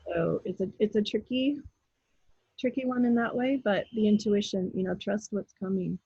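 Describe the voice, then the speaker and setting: A woman guest on an interview show, telling a story in a casual, animated way and acting out her own pleas and the words of others. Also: mid-range voice, normal speed, vocal fry, slightly rough, no room sound, highs cut off. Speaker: guest, intuitive healer.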